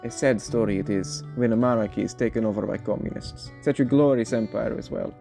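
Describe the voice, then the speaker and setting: A man voicing a zealous male Russian imperial theocrat in a put-on Russian accent, grave and slow-spoken. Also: mid-range voice, gravelly, warm tone, soft background music, lightly acted. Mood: solemn. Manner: solemn, menacing declamation. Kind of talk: role-play character monologue.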